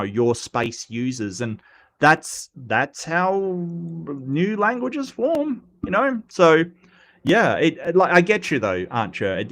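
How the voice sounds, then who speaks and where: A man's voice: fairly high pitch, a bit bright. A man hosting a live stream, reading viewer comments aloud and answering them off the cuff in a casual chat.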